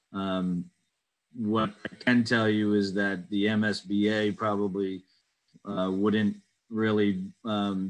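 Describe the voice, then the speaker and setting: A man's voice: fairly low pitch, low-quality recording. A man chairing an online town committee meeting, reading out residents' questions and answering them carefully with many ums and uhs. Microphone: video call.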